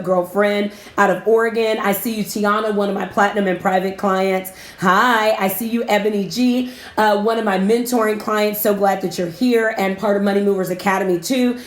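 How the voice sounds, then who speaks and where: A woman hosts a live business-coaching stream and talks to her viewers in a chatty way. She sounds emotional and close to tears as she talks. Her voice sits at a middle pitch and carries a roomy echo. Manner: chatty, gives shout-outs. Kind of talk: casual live-stream talk.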